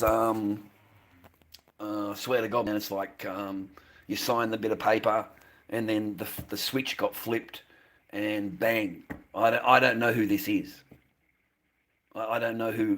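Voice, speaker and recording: A man ranting on a live stream, rambling, repeating himself and swearing freely. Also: lowish voice. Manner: rambling, repetitive, profane. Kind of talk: casual live-stream rant.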